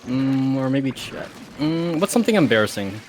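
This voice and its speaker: A man's voice: medium pitch, big pitch swings, moderate pace, background noise. A man chatting playfully while playing a video game on stream, teasing his co-player and laughing often. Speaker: guest co-player. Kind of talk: casual gaming banter on stream.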